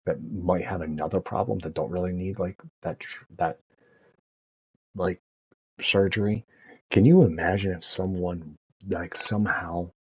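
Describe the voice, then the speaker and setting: A man rambling through casual commentary, profane and laughing often as he thinks out loud. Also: low voice, gravelly, slightly rough. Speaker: streamer.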